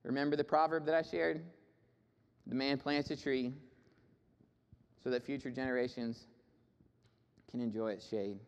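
A man preaching a sermon, moving between raised, emphatic declarations and quieter, conversational asides. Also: mid-range voice, steady tone, moderate pace, long pauses, muffled recording. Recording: reverberant hall.

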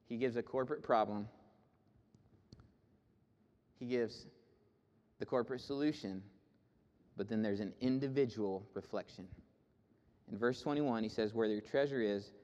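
A man preaching a sermon, moving between raised, emphatic declarations and quieter, conversational asides. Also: on the low side, moderate pace, pauses often. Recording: reverberant hall.

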